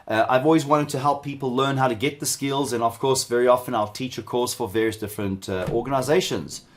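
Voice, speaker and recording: A man's voice: medium pitch, a little fast. Chatty man teaching a hands-on tech workshop. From South Africa. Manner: chatty, rambling, with asides to viewers. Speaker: cybersecurity instructor.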